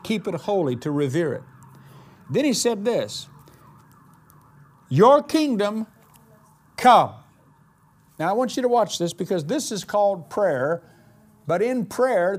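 Guy preaching a sermon, high voice, really animated, drags out the big words. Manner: dramatic, emphatic preaching with slow drawn-out declarations. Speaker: pastor.

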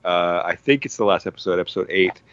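Low-voiced man gushing about a show. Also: quick pace, a bit bright, no echo, lo-fi sound. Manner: rambling, enthusiastic, many fillers and restarts. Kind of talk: casual show recommendation.

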